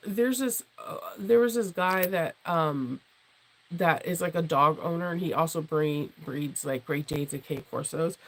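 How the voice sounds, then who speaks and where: Gravelly woman losing her voice. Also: poor audio. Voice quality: low, husky tone she calls her jazz voice. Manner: rambling and chatty, with many restarts, fillers and laughs. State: losing her voice, deeper than usual. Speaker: sewing channel host and sewing teacher. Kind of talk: casual livestream chat with viewers. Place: at home, downstairs in her sewing room.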